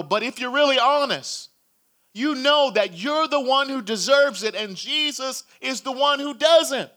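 A man preaching a sermon in a bright, forceful voice. He tells the story dramatically, acting out the shouts of a crowd and then sinking to a hush. His voice sits high for a man.

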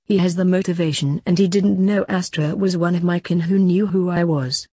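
Lady doing a tired grumbly coroner guy who's secretly reaper king, husky and low. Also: steady tone, moderate pace, dark tone, no echo, studio quality. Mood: weary. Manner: moaning, put-upon. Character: weary middle-aged male coroner, king of reapers.

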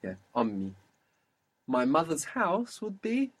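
A man teaching a one-on-one spoken language lesson, patiently explaining and modelling words slowly. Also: a little high, wildly swooping pitch, husky.

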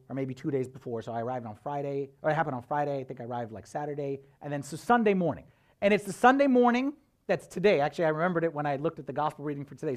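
A man, a priest, preaching a sermon as a conversational, animated story full of casual fillers. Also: fairly high pitch.

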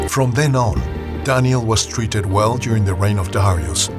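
A man reading a Bible story aloud in a slow, measured storytelling manner. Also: lowish voice, loud music behind the voice. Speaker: narrator. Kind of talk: scripted Bible story narration.

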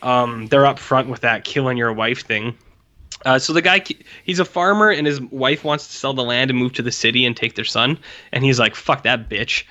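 Man, podcast co-host, bright tense voice, rambling and profane, somewhat dull lo-fi sound. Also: mid-range voice, a little fast. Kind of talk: casual chat.

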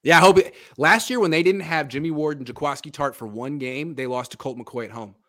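A man's voice: a little high, a little fast, bright, forceful tone. A man hosting a casual sports podcast, animatedly breaking down football film and chatting with his father. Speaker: podcast host.

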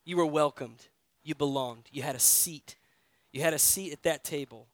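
High-voiced pastor from New York. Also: male voice, normal speed, no echo. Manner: conversational storytelling, asks the listeners directly. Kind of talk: sermon.

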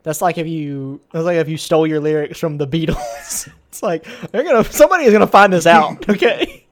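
A man's voice: fairly high pitch, lively intonation, fairly quick. A man co-hosting a comedy podcast, making dry, wry remarks and chuckling. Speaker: podcast co-host. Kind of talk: casual comedic chat.

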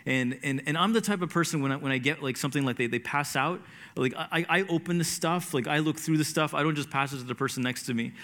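A man from New Jersey telling a personal faith story in an earnest, halting way, often restarting his sentences. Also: fairly high pitch, a bit bright.

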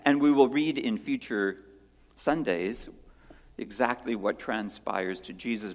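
A pastor preaching a sermon in an earnest way, moving between strong emphasis and hushed lines and asking rhetorical questions. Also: male voice, mid-range voice. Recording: long hall reverb.

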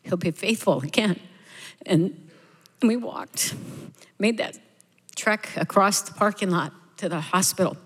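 A woman's voice: medium pitch, measured pace, long pauses, fairly bright tone, slightly rough. Middle-aged woman sharing her story from the pulpit, chatty and heartfelt, voice ringing out in a big hall. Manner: conversational storytelling, candid and heartfelt. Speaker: speaker at a church service. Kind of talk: personal testimony sermon. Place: church sanctuary.

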